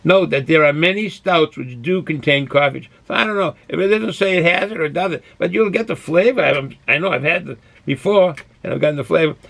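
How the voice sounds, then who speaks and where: Gravelly bright-voiced man rambling on. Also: on the high side, a little fast. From Boston, USA. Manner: rambling, goes off on tangents; drinks and snacks while talking. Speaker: beer review channel host. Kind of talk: casual beer review vlog.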